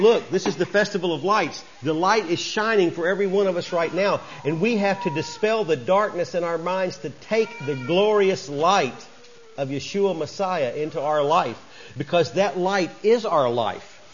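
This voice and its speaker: A man's voice: fairly high pitch, highs cut off. A man preaching a sermon as pastor, folksy and conversational, rising to emphatic bursts.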